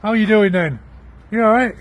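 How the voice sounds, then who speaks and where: A man's voice: high voice, normal speed. A man chatting to birds in an outdoor bird park, coaxing them in a sing-song voice. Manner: coaxing, sing-song baby talk to animals. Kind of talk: casual chat to birds. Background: faint birdsong and outdoor ambience.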